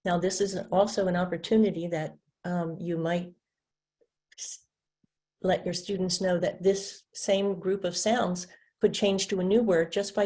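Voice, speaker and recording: A woman leads a teacher-training webinar at an unhurried, deliberate pace. Her voice sits slightly low, and she drags out single sounds as she models them. She switches between giving instructions and answering as a pretend student. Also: darkish tone. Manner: patient, stretches out speech sounds to model them; plays both teacher and student in demonstrations.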